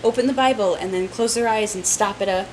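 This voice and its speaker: A woman from New York with a New York accent, hosting a casual podcast chat, talkative and quick to laugh and play with words. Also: mid-range voice, a little mellow, a little hiss or hum, poor audio. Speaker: podcast host.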